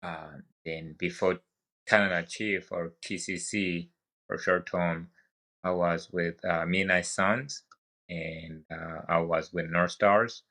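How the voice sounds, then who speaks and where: A young man with an African accent, telling his story as a guest in a relaxed podcast chat, halting with fillers. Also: sits low. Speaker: guest, wildland firefighter. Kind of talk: casual podcast conversation.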